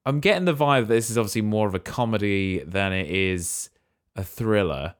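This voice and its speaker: Low-pitched co-host guy riffing goofy plot guesses, laughing a lot. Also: moderate pace. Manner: speculative, jokey, laughs at his own guesses. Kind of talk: casual chat.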